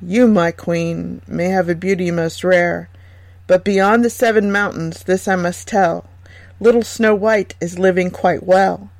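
A woman voicing a magic mirror that answers slowly and solemnly in rhyme. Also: on the low side, steady tone, a little mellow, no room sound. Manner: slow and measured.

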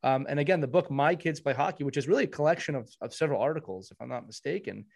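Man, podcast host, casual chat, warm, rambling, repeats himself. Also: mid-range voice, lively intonation, rapid-fire, vocal fry. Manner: warm, rambling, many restarts.

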